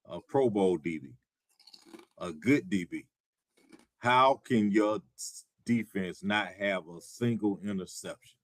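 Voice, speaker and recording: A man's voice: lowish voice, slow pace, no echo. A man co-hosting a live sports talk show who rants in a wry, exasperated way with dry humor. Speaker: show co-host.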